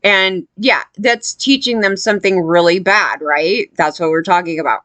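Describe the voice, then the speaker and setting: A woman's voice: on the low side, moderate pace, fairly bright tone, dry recording. A woman giving casual, blunt commentary, rambling with lots of fillers and sounding disgusted.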